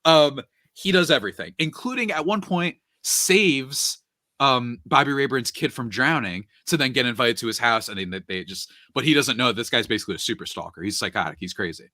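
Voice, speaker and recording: A man in casual podcast chat, retelling a movie plot with animated, running storytelling. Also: medium pitch, brisk, no echo, clean studio sound. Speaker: podcast speaker.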